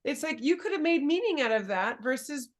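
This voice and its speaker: A woman hosting a casual interview as a coach, speaking thoughtfully and searching for her words with soft laughs. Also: high-pitched, lively intonation, fairly quick. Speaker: dating and embodiment coach, host.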